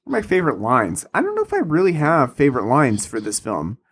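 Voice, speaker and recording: A man in casual film chat, speaking in a measured, thoughtful way with frequent "um" and "like". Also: medium pitch, huge pitch swings, slightly rough. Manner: measured, thoughtful, many fillers. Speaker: podcast co-host.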